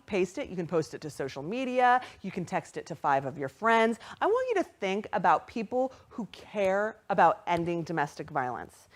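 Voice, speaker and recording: A woman hosting a live-streamed charity gala, thanking donors by name in a bubbly, excitable way. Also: mid-range voice. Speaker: gala host. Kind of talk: live-stream fundraising emcee.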